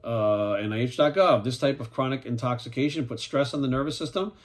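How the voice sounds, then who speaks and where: A fitness coach in his forties rants bluntly in a vlog, with a brisk, mid-range voice. He's profane and emphatic, hammering his points home and repeating "right?"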